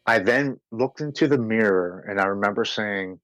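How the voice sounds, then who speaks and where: A low-pitched American man tells his recovery story on a podcast, earnest and emotional, sometimes stumbling over repeated words. The sound is close and dry, with no room echo. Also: normal speed, few pauses, a bit bright, dull audio. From United States. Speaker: podcast guest. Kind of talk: personal recovery story told in conversation.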